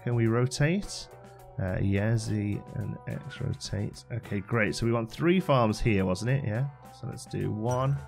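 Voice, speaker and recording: A man's voice: lowish voice, vocal fry, darkish tone. A man hosting a game channel, giving chatty playthrough commentary and thinking aloud as he plays.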